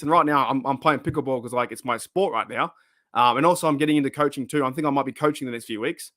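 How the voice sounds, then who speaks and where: A man's voice: mid-range voice, fast talker, a bit bright, dry recording, clean studio sound. A man hosts a casual livestream, rambling and swearing as he answers chat, his voice wearing thin. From Australia. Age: 30s. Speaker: livestream host.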